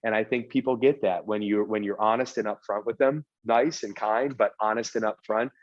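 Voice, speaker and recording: A man's voice: lowish voice, steady tone, normal speed, lo-fi sound. A man being interviewed as a podcast guest, talking in an earnest, casual way and often repeating words as he starts a sentence. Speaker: podcast guest, real estate executive.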